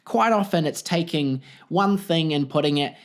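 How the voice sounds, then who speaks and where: A young man with a New Zealand accent hosting a solo comedic podcast, expressive, animated and self-deprecating. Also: a little high, normal speed. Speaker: podcast host.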